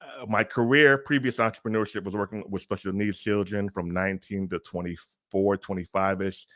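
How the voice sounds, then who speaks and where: A man's voice: fairly low pitch, normal speed, no echo. Easygoing man, dry close sound. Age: 40s. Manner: relaxed, easygoing, slang-laced. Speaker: guest. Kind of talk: casual interview chat.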